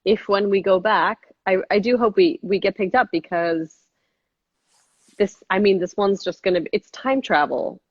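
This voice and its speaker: A woman in her thirties, an actress and filmmaker, chatting in an interview and often jumping into high-pitched quoted voices. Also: normal speed, dry recording, highs cut off. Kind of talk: casual interview chat.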